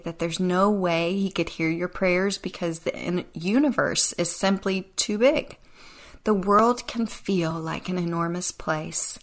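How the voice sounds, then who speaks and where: A woman with a lowish, slightly bright voice hosts a devotional podcast. She speaks earnestly and reflectively, at times dropping almost to a whisper.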